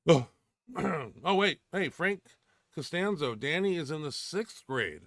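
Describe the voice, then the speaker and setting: A man's voice: a little high, slow pace, no echo. Teasing man hosting a lifting show. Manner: teasing, dry deadpan humor. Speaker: powerlifting show host. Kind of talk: casual joking banter.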